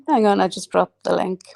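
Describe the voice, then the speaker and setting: A woman's voice: mid-range voice, creaky. An Irish woman chatting casually with viewers on a live stream, swearing freely, laughing a lot and reading out comments.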